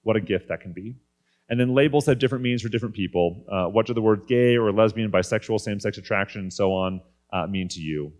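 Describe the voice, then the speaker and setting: A man's voice: lowish voice, quick pace, darkish tone. A man in his thirties giving a candid, conversational personal faith talk from a conference stage. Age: 30s. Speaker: guest speaker.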